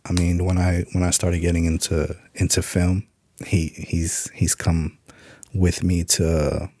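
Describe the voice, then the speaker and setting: A man's voice: low-pitched, flat delivery, slow pace, a little mellow, no room sound. A middle-aged man, an author, telling stories in a laid-back casual interview. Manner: laid-back, acts out quoted voices in stories. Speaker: author and podcast guest.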